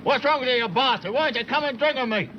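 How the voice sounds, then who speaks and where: An actor playing a pushy, angry truck driver who badgers someone to drink with him, in a clip from a film. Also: male voice, very high-pitched, fast talker. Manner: insistent, shouting, badgering. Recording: dull film audio with engine noise.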